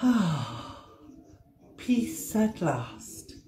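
A woman's voice: high-pitched, a crowd in the background, pitched above the performer's own voice. Woman doing a weary, fed-up father bear. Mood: sleepy. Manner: slow, drawn-out exasperated complaints. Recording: roomy echo.

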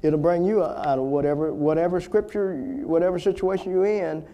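A male pastor preaching a fervent sermon, repeating phrases and building to loud exhortation. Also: high voice, steady tone, brisk, highs cut off.

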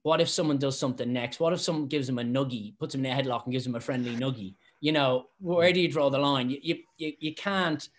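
A man in his forties, a former rugby referee, chatting on a panel and acting out stories with lively quoted voices. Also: medium pitch, fast, hardly any pauses. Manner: animated storyteller, acts out quotes, laughs often. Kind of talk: casual panel chat.

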